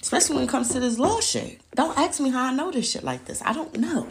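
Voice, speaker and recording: A woman's voice: sits high, animated, fast, a little hiss or hum. A woman giving a casual, profane, blunt rant to her viewers. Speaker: vlogger. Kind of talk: casual ranting livestream.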